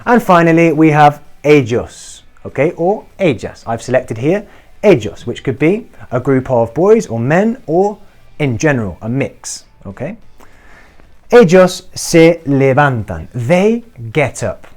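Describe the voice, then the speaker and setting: A man teaching a beginner Spanish lesson to camera, checking in often with "okay?" and slowing down to model each Spanish form. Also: on the high side, very animated, a little mellow, soft background music. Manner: encouraging, checks in with frequent "okay?". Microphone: talking to camera.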